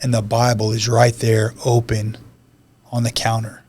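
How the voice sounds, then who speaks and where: A man in the guest seat of a podcast, telling his own story in plain, conversational speech. His pitch sits in an ordinary middle range, and he briefly acts out the lines of the people he meets. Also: completely flat delivery, a little slow, darkish tone, slight background noise. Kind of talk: personal testimony.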